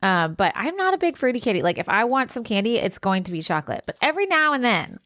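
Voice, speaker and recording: A woman's voice: fairly high pitch, very animated, fast talker, fairly bright tone, no room sound, clean studio sound. A woman in her forties co-hosting a podcast in casual chat, chatty and enthusiastic as she explains things. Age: 40s. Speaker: podcast co-host.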